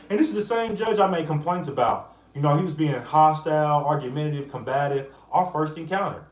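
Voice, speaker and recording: A man hosting a casual livestream from an echoey room. His voice sits a little higher than most men's, and his delivery is animated, greeting viewers mid-thought. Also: a little fast, hardly any pauses. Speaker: livestream host.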